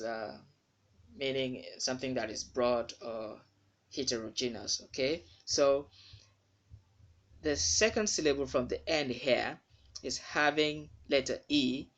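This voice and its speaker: A man's voice: mid-range voice, steady tone, unhurried, a bit bright. A man giving a spoken English pronunciation lesson, carefully repeating words to model the sounds. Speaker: pronunciation teacher.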